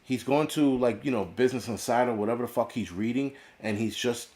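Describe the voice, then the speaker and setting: A man's voice: medium pitch, a little fast, a little mellow. A middle-aged American man hosting a prepper channel, ranting bluntly in a casual, profane livestream style with lots of restarts. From United States. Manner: blunt, swearing, repetitive restarts.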